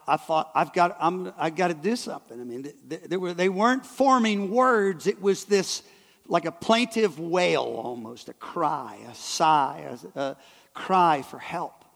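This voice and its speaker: High-voiced preacher in an echoing hall. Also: male voice, creaky, a bit bright. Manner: halting, repeats and restarts words. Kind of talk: sermon storytelling. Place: church hall. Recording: long hall reverb.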